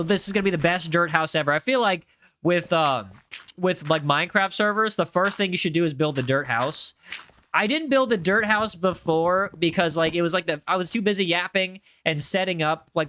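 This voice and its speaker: A man live streaming, chatting casually with his viewers, animated and repeating himself as he banters with chat. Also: high voice, moderate pace.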